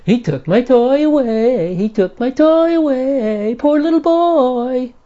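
A man's voice: very high voice, lively intonation, slow, dark tone, pitched above the performer's own voice, full character voice. A man voicing a big strong bully who mockingly repeats a child's cry in a sing-song taunt. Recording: dull lo-fi recording.

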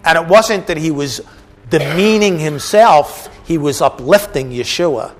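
A man's voice: fairly high pitch, lively intonation, a little slow. A man teaching a bible class, explaining a passage with casual asides to the listeners. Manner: conversational, asides to the audience.

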